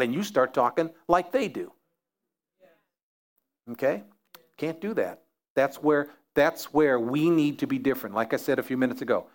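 A pastor delivers a sermon in a man's mid-pitched voice. He drives his points home by repeating phrases and building emphasis, then settles back before the next push.

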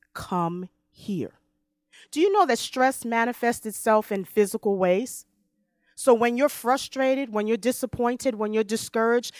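A woman preaching a sermon, reading scripture slowly and swinging between loud emphasis and hushed tones. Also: fairly high pitch, no echo, studio quality. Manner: reads scripture slowly and deliberately.

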